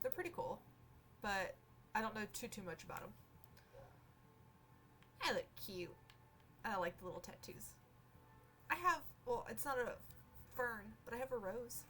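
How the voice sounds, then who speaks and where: A woman's voice: on the high side, expressive, measured pace, pauses often, fairly bright tone, a little hiss or hum. A woman streaming a game live, chatting in a rambling, easygoing way. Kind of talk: live game playthrough chat.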